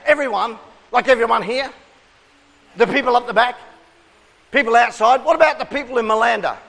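A high-voiced man preaches to a congregation, firing questions at the crowd and drawing shouted answers back. His voice rings out with a long, lingering reverb from the hall around him. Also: a little fast, creaky. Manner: lively, coaxing the crowd with questions and call-and-response. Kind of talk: interactive sermon to a congregation.

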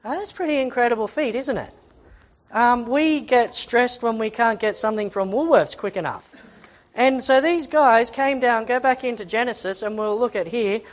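A woman giving a conversational Bible lesson. She talks in a chatty, easygoing way, reads scripture aloud and keeps asking her listeners rhetorical questions. Her voice sits fairly high. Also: normal speed. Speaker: Bible teacher.

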